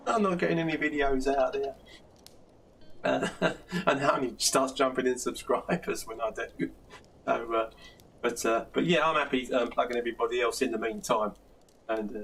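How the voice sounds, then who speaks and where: An older South London man hosts a casual live stream, answering plastering questions, laughing often and restarting sentences as he goes. His gravelly voice is mid-range with a fairly bright tone. He sits slightly back from the mic, with a faint hiss of noise underneath.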